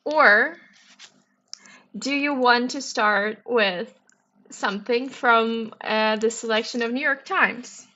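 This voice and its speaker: A woman hosts a casual livestream, thinking aloud in a playful, chatty way. Her voice is bright and slightly high, and she speaks slowly, taking her time. The sound is a little dull and lo-fi. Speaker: livestream host solving puzzles.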